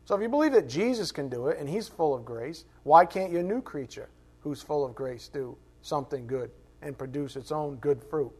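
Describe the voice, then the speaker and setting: A man's voice: a little high, animated, moderate pace, darkish tone, breathy edge. A man teaching a Bible class in a conversational way, asking rhetorical questions and acting out quoted voices. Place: classroom with a board.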